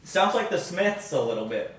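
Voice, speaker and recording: A young adult man hosting a casual chat, telling stories with lively energy. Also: high voice, moderate pace, a little hiss or hum. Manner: animated storyteller. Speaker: host. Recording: roomy distant mic with faint background.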